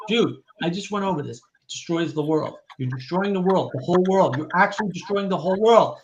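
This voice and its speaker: A man's voice: sits high, lively intonation, a little fast, few pauses, a bit bright, dull audio, a little hiss or hum. A man hosting a casual group livestream, teasing the others with mock-outraged rants.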